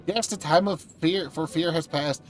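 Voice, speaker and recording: A man's voice: a little high, unhurried, soft background music, pitched above the performer's own voice, lightly acted. Man doing a solemn elder in a shaky put-on accent. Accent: wobbly put-on Southern US drifting Irish or Scottish. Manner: grand, ceremonial reading aloud.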